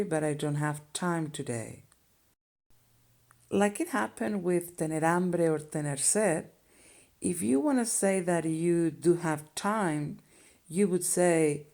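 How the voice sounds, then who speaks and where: A woman with a Spanish accent and a lowish, mellow voice gives a language lesson in English. She patiently walks through basic Spanish phrases one step at a time.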